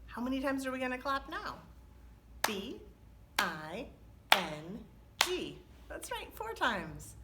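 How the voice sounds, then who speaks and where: Librarian lady reading to little kids, bright highish voice, slow and animated. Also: very noisy. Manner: animated, slow, asks children questions. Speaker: children's librarian. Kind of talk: storytime read-aloud.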